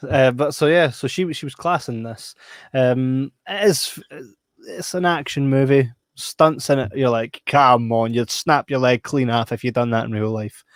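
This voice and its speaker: A Scottish man gives his honest, easygoing verdict on a film, now and then joking around. His voice is of middle pitch. The recording is dry and close. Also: moderate pace, dry recording. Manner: laid-back, blunt, playful. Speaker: podcast co-host. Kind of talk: casual film review chat.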